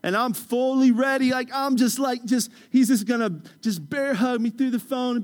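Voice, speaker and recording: Male pastor, high voice, chatty, story-driven preaching. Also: normal speed, hardly any pauses. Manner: conversational, storytelling, joking with the congregation. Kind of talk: sermon.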